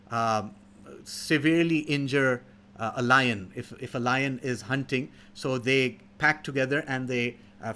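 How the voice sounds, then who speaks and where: A man giving a moral talk to young people, telling stories with many fillers and restarts. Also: medium pitch. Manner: halting, many fillers, animated storyteller. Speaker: speaker in a youth teaching series.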